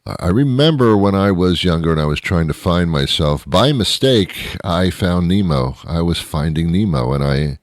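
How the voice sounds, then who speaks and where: A middle-aged man delivering a rambling comic monologue, full of restarts and deadpan asides. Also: low voice, normal speed, hardly any pauses, no room sound, clean studio sound. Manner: meandering, self-interrupting, deadpan asides. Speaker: comedian host.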